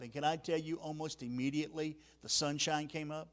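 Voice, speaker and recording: Evangelist, higher-pitched man, emotional revival storyteller who goes hushed at sad beats. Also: fairly quick, hardly any pauses. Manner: emotional, repeats words, drops to near-whisper at sad moments. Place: church sanctuary.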